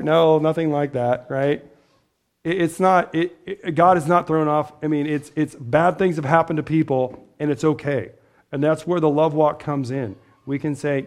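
A man preaching a casual sermon to a small gathering. His voice sits a bit high for a man. He talks things through, often checks in with the room and clears his throat along the way. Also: normal speed. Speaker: pastor.

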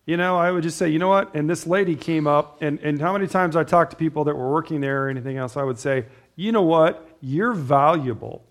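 A middle-aged male pastor gives a loose, story-driven sermon in a fairly high voice. He rambles conversationally, restarting sentences and tossing in asides as he talks to his congregation. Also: brisk, few pauses.

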